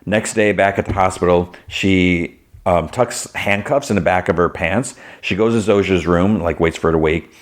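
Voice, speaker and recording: Male podcast host, low voice, loose rambling recap delivery, heavy on filler words. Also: moderate pace. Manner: rambling, fills with "like" and "you know", swaps in "fudging" for curses. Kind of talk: casual TV episode recap.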